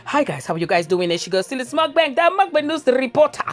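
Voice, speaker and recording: A woman's voice: sits high, sing-song, quick pace. A woman reporting on YouTube drama in a chatty, playful, exclamatory manner. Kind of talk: drama commentary vlog.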